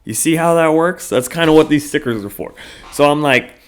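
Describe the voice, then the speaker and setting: A podcast host delivers a casual solo monologue, rambling loosely with lots of filler words and frequent swearing. His voice is slightly high, brisk and smooth.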